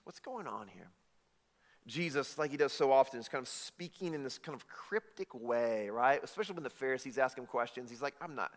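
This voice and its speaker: Animated preacher in an echoing church hall. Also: male voice, mid-range voice, a little fast. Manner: animated, acts out bible figures in casual modern voices. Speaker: pastor. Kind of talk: sermon. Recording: long hall reverb.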